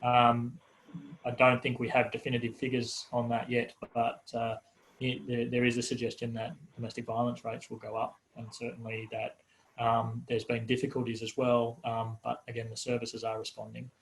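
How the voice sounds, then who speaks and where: A man's voice: medium pitch, completely flat delivery, normal speed, slight background noise, rough recording. A man giving a hesitant, filler-heavy answer as a panel speaker in a webinar. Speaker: panel speaker on population data.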